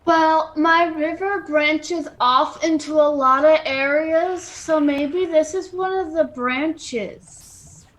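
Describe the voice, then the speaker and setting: A woman at a tabletop game, speaking slowly and deadpan in a high voice. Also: low-quality recording. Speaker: player. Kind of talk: tabletop role-play.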